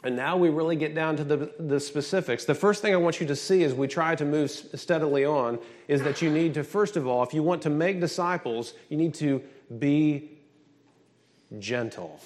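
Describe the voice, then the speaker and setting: Middle-aged male pastor, slightly high voice, energetic preaching with rhetorical questions. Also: fairly quick. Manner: emphatic, animated preaching with call-and-response questions. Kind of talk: sermon.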